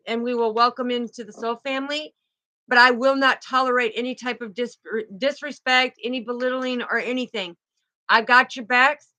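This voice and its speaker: A woman's voice: fairly high pitch, pushed and bright, rough recording. A middle-aged woman, hosting a casual spiritual livestream, effusive and protective as she greets her viewers by name.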